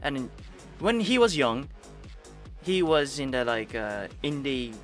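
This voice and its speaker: A man in casual conversation who laughs often and talks haltingly, with many restarts. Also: medium pitch, big pitch swings, faint music behind. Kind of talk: casual chat.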